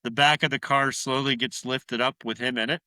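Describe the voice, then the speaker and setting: A man's voice: mid-range voice, normal speed, clean tone, dry recording. A man co-hosting a podcast, retelling a horror film scene by scene in casual, profane chat. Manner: profane, animated retelling with acted-out quotes. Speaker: podcast co-host.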